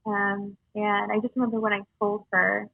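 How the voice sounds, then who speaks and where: A young woman telling her personal story in a halting, earnest way, with many fillers, heard over a tinny phone-like line. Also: mid-range voice, completely flat delivery, gravelly, dry recording. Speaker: guest sharing her story. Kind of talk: casual storytelling.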